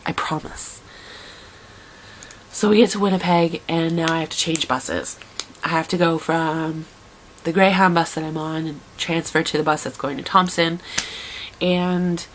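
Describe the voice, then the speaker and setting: Chatty young woman, lowish voice. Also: a little hiss or hum, low-quality recording. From Toronto, Canada. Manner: chatty and dramatic, with laughs and wry asides. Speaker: vlogger. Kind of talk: casual storytelling monologue.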